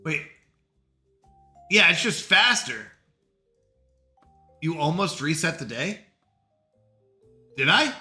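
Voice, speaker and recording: A man's voice: on the high side, big pitch swings, slow pace, long pauses, sharp tone, faint music behind. A man with a Canadian accent, chatting frantically to himself and his stream while playing a game. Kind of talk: live-stream gameplay chat.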